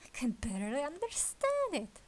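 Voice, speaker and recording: Woman, gaming host, high voice, animated, unhurried, wry asides. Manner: wry, self-mocking asides. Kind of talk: let's-play narration.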